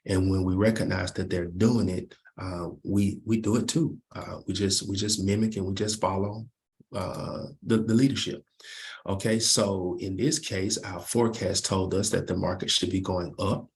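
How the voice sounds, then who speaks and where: A man's voice: sits low, fairly even intonation, normal speed, slight background noise. A man leading a trading lesson over his charts, asking rhetorical questions and answering them himself. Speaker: trading instructor. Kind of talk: screen-share market recap lesson.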